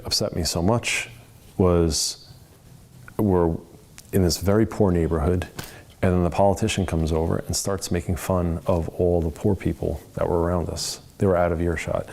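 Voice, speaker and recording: A man's voice: deep voice, fairly even intonation, normal speed, a little mellow. A man leading a church Bible study in an earnest, conversational way, full of rambling asides. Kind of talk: casual teaching.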